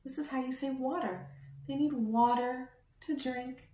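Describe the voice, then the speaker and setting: A woman teaching toddlers, speaking slowly in a sing-song, coaxing way and asking them gentle questions. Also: sits high, steady tone, far from the mic. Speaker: children's educator. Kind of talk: toddler lesson with sign language. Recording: roomy echo.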